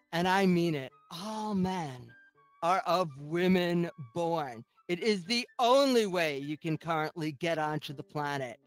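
A woman's voice: medium pitch, fairly bright tone, no echo, rough recording. A middle-aged woman performing a teasing, sardonic stand-up comedy set as host. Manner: sardonic, teasing, mock-sweet asides.

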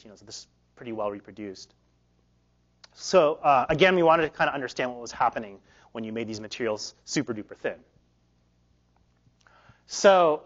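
Male lecturer, hoarse, halting research talk, many restarts, dull lo-fi recording. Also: mid-range voice. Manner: loose, halting delivery with many fillers and restarts. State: losing his voice. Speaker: physics lecturer. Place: lecture hall.

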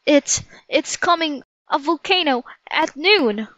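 A woman's voice: mid-range voice, unhurried, fairly bright tone, no room sound, dull audio. A woman voicing an anxious, bookish young boy who stammers and panics when frightened. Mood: stammering.

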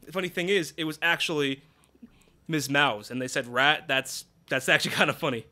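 A man's voice: fairly high pitch, a little fast. A man casually commentating a game, thinking aloud. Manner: chatty, thinks aloud, animated. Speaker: let's play gamer.

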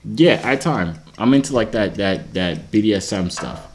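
A man on a phone video chat, pranking strangers with deadpan, mock-nerdy insults. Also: lowish voice, moderate pace, slight background noise.

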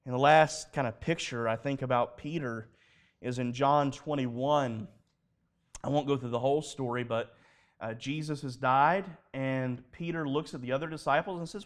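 A man preaching a sermon at a live church service, telling stories in an animated way and acting out the dialogue. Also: mid-range voice, normal speed. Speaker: pastor.

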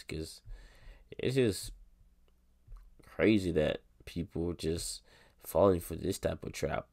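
A man with a deep, gravelly voice talks through a crypto token in loose solo commentary. He rambles, repeats phrases and drops slang as he works through the numbers. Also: dark tone. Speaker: crypto reviewer.

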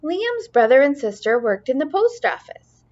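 A woman teacher reading a children's storybook aloud in an expressive, sing-song way. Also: high-pitched, normal speed. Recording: dull lo-fi recording.

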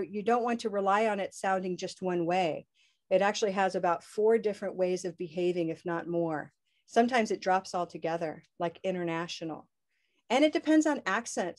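Woman, North American accent, upbeat pronunciation coach, models words slowly and clearly. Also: fairly low pitch, darkish tone. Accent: North American English. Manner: upbeat, drawn-out modeling of sounds. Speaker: pronunciation teacher. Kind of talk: live online English lesson.

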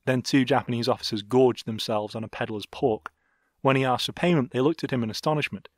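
A man reading an audiobook in a measured, even way. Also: medium pitch, dry recording, studio quality. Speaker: audiobook narrator. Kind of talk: audiobook narration.

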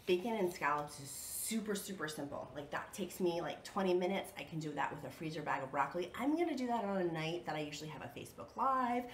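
Chatty woman vlogging at home, lower voice, nasal with a cold, echoey room with noise behind her. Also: animated, fast, few pauses. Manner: chatty, self-correcting, lots of ums. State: coming down with a cold. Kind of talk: casual home vlog walkthrough. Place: home kitchen and basement.

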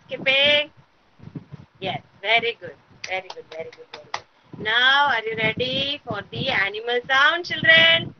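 A woman kindergarten teacher talks to young children through a video-call mic. Her voice is very bright and quite high, and she speaks slowly and deliberately. She chants counts and commands and keeps repeating warm praise. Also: animated, highs cut off, slight background noise. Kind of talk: online class instruction.

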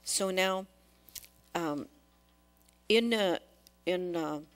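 Woman preaching a sermon, low voice. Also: drawn-out words. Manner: questions the congregation, acts out quotes. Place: church.

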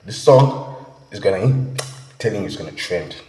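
A man's voice: on the low side, expressive, normal speed, mellow, soft background music. Slangy, hyped young South African man. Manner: slangy, hyped, peppered with "bruh" and "you feel me". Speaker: music reaction vlogger. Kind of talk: casual reaction chat. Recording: echoey room with long reverb.

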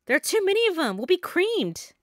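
A woman's voice: extremely high pitch, sing-song, a little fast, a bit bright, no echo, clean studio sound, pitched above the performer's own voice, heavily acted. A woman voicing an anxious, chatty young cloud boy from a game. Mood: worried. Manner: worried and urgent. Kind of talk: reading game dialogue aloud.

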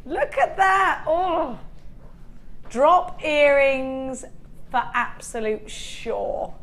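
A woman's voice: high voice, lively intonation, very slow, fairly bright tone. A woman presenting on a shopping channel, chatty and upbeat as she sells jewelry live. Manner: chatty, upbeat, bubbly selling. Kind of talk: live TV sales patter.

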